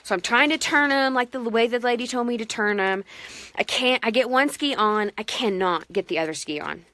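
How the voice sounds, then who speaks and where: A woman and mother telling a family story to the camera in a casual, animated, self-mocking way. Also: fairly high pitch, normal speed, no room sound.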